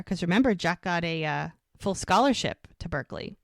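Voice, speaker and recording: Speaking briskly in a mid-range voice, a woman co-hosts a podcast and casually goes over episodes, retelling scenes and voicing the dialogue. The recording is dry and studio-clean.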